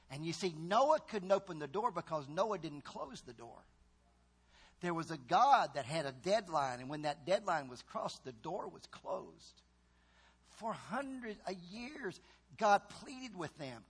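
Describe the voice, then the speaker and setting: A man preaching a sermon in a church, swinging from quiet, slow lines to shouted cries and groans as he acts out voices from his story. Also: sits high, very animated, husky. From Virginia. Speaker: pastor.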